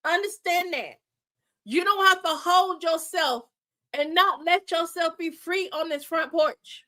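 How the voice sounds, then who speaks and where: A woman's voice: extremely high pitch, unhurried, pushed and bright. A woman hosting a live reaction stream, chatting earnestly with her viewers. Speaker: reaction channel host.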